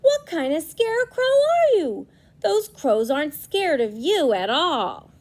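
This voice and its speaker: A woman voicing a cross male farmer in a storybook read-aloud, loud, stern and scolding. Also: sits high, big pitch swings, unhurried, voice pushed up.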